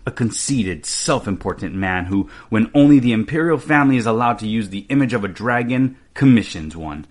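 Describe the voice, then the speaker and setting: A man as a quiet, wise old master painter. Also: on the low side, lively intonation. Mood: measured. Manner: quiet and measured.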